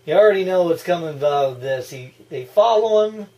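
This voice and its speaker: A man giving casual, excitable movie reaction commentary, gushing and breaking into laughs and yells. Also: on the high side, a little fast, dull audio.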